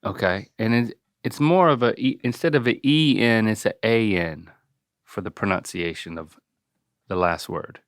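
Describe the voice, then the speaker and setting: A man's voice: lowish voice, normal speed. A man in his forties on a casual podcast, playfully coaching his father through pronunciations and spelling words out letter by letter. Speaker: podcast co-host, son quizzing his father. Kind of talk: casual chat.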